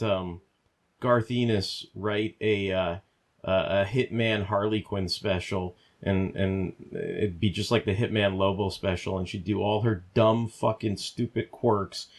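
A man co-hosting a podcast, ranting heatedly in casual talk, swearing constantly and restarting his sentences. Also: lowish voice. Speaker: podcast co-host. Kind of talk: profane casual rant.

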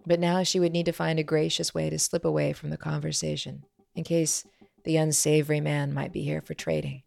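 A woman reads her own fantasy story in a measured storytelling manner. Her voice is low and gravelly with creaky edges, and the reading is carefully paced. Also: little pitch movement, darkish tone. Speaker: author and narrator. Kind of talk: scripted fantasy narration.

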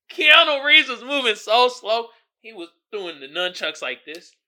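A man hosting a podcast in casual solo commentary, animated and joking, laughing often, with slangy street talk. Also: extremely high pitch, unhurried. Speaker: podcast host.

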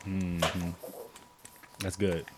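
A man's voice: sits low, flat delivery, drawn-out words, background noise. A man hosting a casual group chat, laid-back and slangy, laughing often.

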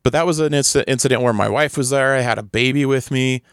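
A man's voice: medium pitch, fast talker, fairly bright tone, clean tone, dry recording. A man telling stories in a casual chat, laughing often and acting out the people he quotes. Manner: storytelling, laughs often, acts out quoted voices.

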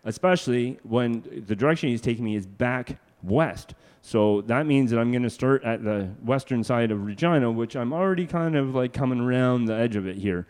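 A man's voice: medium pitch, lively intonation, a little fast, hardly any pauses, darkish tone, clear, resonant tone, in a large hall. A man, a hitchhiker guest telling road stories in a casual, rambling way. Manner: rambling, many fillers and restarts, laughs often. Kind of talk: casual storytelling.

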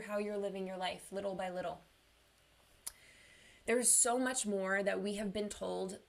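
A young mental health coach who helps people with anxiety and depression gives an earnest, casual motivational talk, saying "like" a lot. Her voice is medium-pitched with vocal fry.

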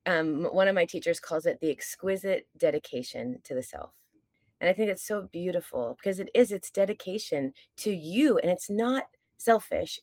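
A woman's voice: lowish voice, darkish tone, no room sound. A woman podcast guest and stage performer talking in casual chat, earnest, reflective and openly candid, now and then swearing.

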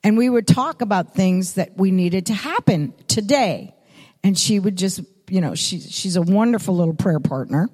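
A woman's voice: mid-range voice, lively intonation, moderate pace, a little mellow, breathy edge. An older woman preaching a sermon, telling stories with repeated, emphatic phrases. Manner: storytelling, repetitive emphatic phrasing. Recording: long reverb of a hall.

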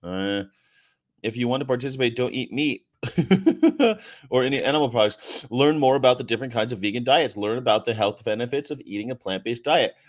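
A man's voice: medium pitch, animated, brisk. A man hosting a casual livestream from a hotel room, reading viewer comments with a sarcastic, joking, rambling manner. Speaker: vegan activist livestream host.

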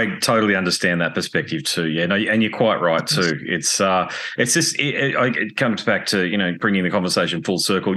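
Deep-voiced male interviewer. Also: pushed and bright. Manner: friendly, rambling, hesitant. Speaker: radio interviewer. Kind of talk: casual interview chat.

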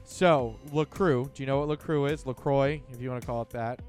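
A man co-hosting a casual podcast chat, running through a list in a relaxed way. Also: medium pitch, quick pace, faint music behind. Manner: relaxed, reads out lists. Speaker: podcast co-host.

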